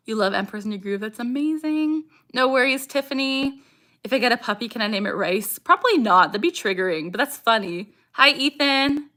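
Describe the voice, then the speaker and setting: A woman's voice: a little high, lively intonation, normal speed, sharp tone. A young woman from Canada hosting a casual livestream, chatting with viewers and reading out comments, with vocal tics breaking into her speech. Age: young adult. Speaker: livestream host.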